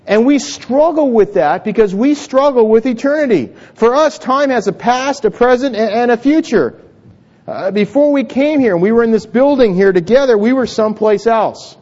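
High-voiced man preaching a sermon. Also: animated, normal speed, a little mellow, lo-fi sound. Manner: conversational preaching with many repeated words and restarts. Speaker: pastor. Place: church hall with congregation.

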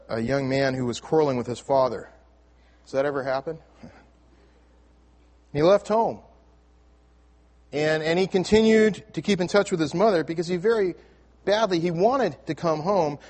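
A man preaching from the pulpit with a fairly high voice for a man. He tells a story in a loose, unscripted way, often restarting and repeating words. His delivery swings between loud, lifted emphasis and soft, hushed endings. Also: normal speed. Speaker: pastor. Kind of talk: sermon. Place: church sanctuary with congregation.

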